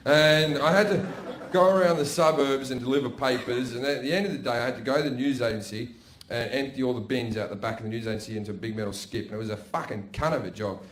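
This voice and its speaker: A man's voice: mid-range voice, quick pace. An Australian man performing a crude stand-up routine, telling stories full of swearing and asides to a live audience. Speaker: stand-up comedian. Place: stage before a laughing audience. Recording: roomy live venue sound.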